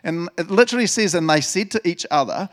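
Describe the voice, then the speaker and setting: A man preaching a sermon in an animated, laughing way, acting out voices from the Bible. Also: high voice, fast. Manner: animated, laughs often, acts out voices of biblical figures. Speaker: pastor.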